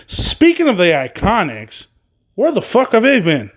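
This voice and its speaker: Man, casual wrestling podcast host, slightly high voice, rambling and unpolished delivery. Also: wildly swooping pitch, a little slow, a bit bright. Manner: rambling, loose, swears casually, many fillers.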